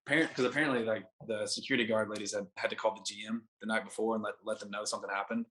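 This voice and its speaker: Fast-talking young man telling a story. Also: fairly low pitch, fairly even intonation, fairly bright tone. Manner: rambling, filler-heavy anecdote with acted-out dialogue. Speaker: podcast guest, baseball pitcher. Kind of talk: casual storytelling.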